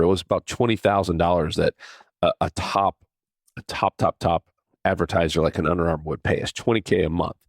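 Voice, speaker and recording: Deep-voiced guy telling a story on his podcast, dry sound, lots of ums and restarts. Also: vocal fry, no echo. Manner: conversational, many fillers and restarts. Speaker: podcast host. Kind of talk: casual storytelling monologue.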